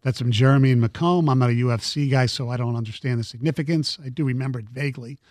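A man's voice: mid-range voice, fast, darkish tone, no room sound, clean studio sound. A man hosting sports talk radio, reading listener texts aloud and answering them emphatically.

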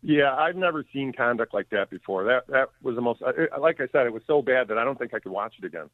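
A county sheriff, guesting on a radio interview, speaks firmly and plainly in a medium-pitched, expressive voice at a fast clip. He repeats words when he wants emphasis. There's no echo, though the phone line sounds tinny.

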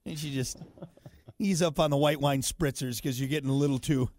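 A man's voice: fairly high pitch, moderate pace. A man hosting a rock morning radio show, joking loosely and reading a sponsor spot. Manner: lively, jokey, reads sponsor ads. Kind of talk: casual radio banter.

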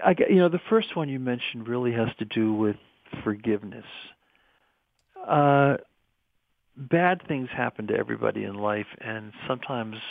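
A man speaking as an interview guest, earnest and musing, with halting restarts as he reflects. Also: medium pitch, vocal fry, dry recording. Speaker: interview guest, medical school researcher. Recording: tinny phone-line sound, dry.

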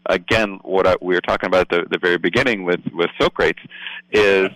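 A man's voice: sits low, fairly even intonation, brisk, a bit bright, dry recording, rough recording. A man speaking as a political guest on a radio show, earnest and explanatory, often asking "right?". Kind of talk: casual radio talk.

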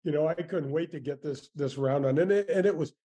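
A man in his sixties, a former pro golfer, telling stories in an interview, animated, with many restarts and asides. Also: fairly high pitch, brisk, husky. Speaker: former tour golfer, guest. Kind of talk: storytelling interview answers.

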